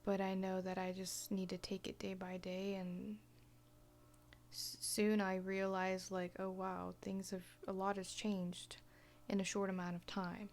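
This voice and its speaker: A young woman chatting in a personal vlog, soft-spoken and often dropping to a half-whisper, with many fillers and restarts. She talks slowly and without hurry. A faint hum sits under the recording. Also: medium pitch, completely flat delivery. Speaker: vlogger.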